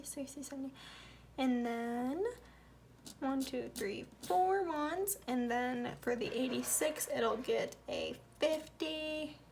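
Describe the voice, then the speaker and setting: A woman with a light Southern US drawl and a high voice walks through her cash budget in a casual vlog. She talks slowly and unhurriedly, counting bills out loud and dropping into soft murmurs as she tallies. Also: a little hiss or hum. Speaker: budgeting vlogger.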